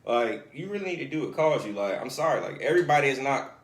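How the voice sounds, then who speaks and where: A man speaking as a guest on a casual talk show, animated and earnest, with frequent restarts and "you know". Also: medium pitch, fast talker. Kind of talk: casual chat. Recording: echoey room, faint noise.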